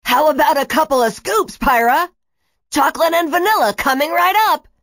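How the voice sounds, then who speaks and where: A woman's voice: high-pitched, moderate pace, fairly bright tone, no echo, studio quality, voice pushed up. A woman voicing an eager young male superhero in a storybook reading, heroic and cheeky.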